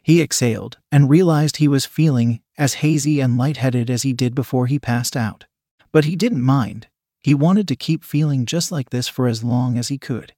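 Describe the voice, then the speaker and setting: A man narrating a scripted erotic story in a steady, even reading voice. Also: mid-range voice, moderate pace, no room sound, studio quality.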